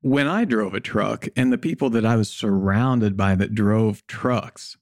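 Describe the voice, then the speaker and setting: Outspoken american guy guest, lowish voice, curses casually, dry sound. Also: unhurried, dry recording. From United States. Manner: blunt, animated, swears casually. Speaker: podcast guest. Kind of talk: casual conversation.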